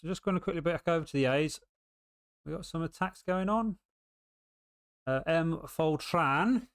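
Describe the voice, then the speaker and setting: A man's voice: a little high, clear, resonant tone, no echo, clean studio sound. A British man giving casual live race commentary, rambling and full of ums and restarts.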